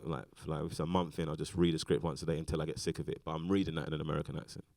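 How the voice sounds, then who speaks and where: A British man with a very low voice talks fast and loosely, filling his sentences with fillers and restarts. He is a guest in a casual onstage conversation, and the sound is close and dry. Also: flat delivery, vocal fry, darkish tone, dry recording. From Britain. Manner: rambling, lots of fillers and restarts. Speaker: actor, interview guest. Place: festival stage talk.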